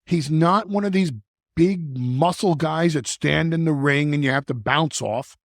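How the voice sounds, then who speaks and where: A man talking as a guest in a podcast conversation, animated and repeating words as he restarts his thoughts. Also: on the high side, measured pace, no room sound, clean studio sound. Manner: animated, stumbling restarts, stretches words for emphasis. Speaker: wrestling manager guest.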